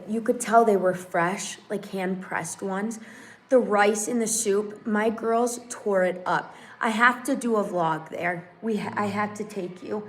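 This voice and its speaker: A woman chats casually on a livestream from her home. She tells her story with energy and acts out each quoted line. Her voice sits at an ordinary middle pitch. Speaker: channel host. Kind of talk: casual live-stream chat. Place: home in Mexico.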